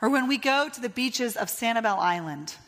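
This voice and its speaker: A woman's voice: a little high, expressive, fairly quick, fairly bright tone, in a large hall. A woman pastor in her thirties preaching a sermon, telling a story and voicing its characters. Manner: storytelling, retelling a tale with voiced lines.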